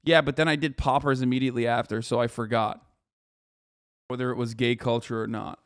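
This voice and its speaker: A man's voice: medium pitch, steady tone, a little fast, smooth, no echo, studio quality. A man hosting a live stream, joking crudely and rambling in casual chat. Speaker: streamer host.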